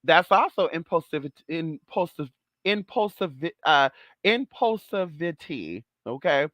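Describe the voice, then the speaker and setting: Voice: mid-range voice, lively intonation, measured pace, a bit bright, no room sound. A vlog host talking casually and sassily, swearing freely and calling viewers "girl" and "honey". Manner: sassy, profane, chatty, calls viewers girl and honey. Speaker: channel host.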